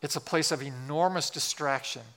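A male pastor delivering a sermon with a bright, forward tone and a slightly high pitch. He speaks earnestly and exhorts his listeners. He slows right down on the words he wants to land.

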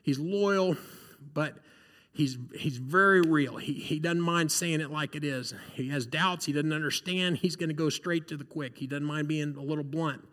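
A man's voice: on the high side, normal speed, fairly bright tone, long reverb tail. A male pastor giving a sermon, earnest and conversational, often checking in with the congregation.

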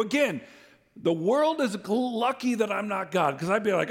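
A man preaching a sermon, speaking with animated intensity and acting out God's words with rising emphasis. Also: high voice, normal speed. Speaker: pastor.

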